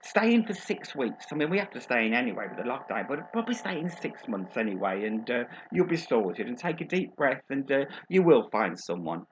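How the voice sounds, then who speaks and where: A man's voice: mid-range voice, sing-song, a little fast, hardly any pauses, muffled recording, slight background noise, close to an everyday voice. A man playing a chatty middle-aged female agony aunt from Birmingham who calls everyone darling and drops innuendo. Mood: gossipy. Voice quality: gossipy, innuendo-laden, calls people darling. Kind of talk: comic advice show monologue.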